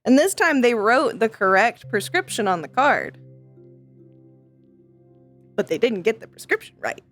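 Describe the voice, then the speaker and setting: A woman's voice: fairly high pitch, sing-song, measured pace, fairly bright tone, soft background music. A woman streamer venting to her chat in casual talk, frustrated, swearing often and stumbling over restarts.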